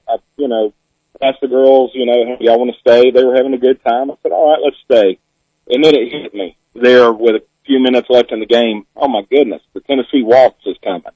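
A man's voice: mid-range voice, no room sound. A Southern man calling in to a sports radio show on the phone, heartfelt and emotional. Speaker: caller. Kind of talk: phone-in chat. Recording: tinny phone line.

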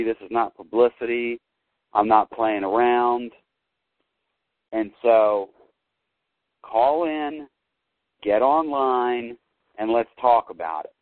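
Hosting a call-in sports talk show, a fired-up man rants to his listeners, sinking to a mutter before flaring up loud. His medium-pitched voice sounds thin and tinny like a phone line, and the audio is dry with no echo or room sound.

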